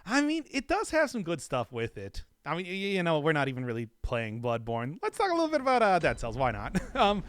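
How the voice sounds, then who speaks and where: A man's voice: a little high, huge pitch swings, a little fast, few pauses, a bit bright, clear, resonant tone, no echo. A man streaming a video game, chatting casually in a rambling, joking way and laughing often. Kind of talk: casual live-stream commentary.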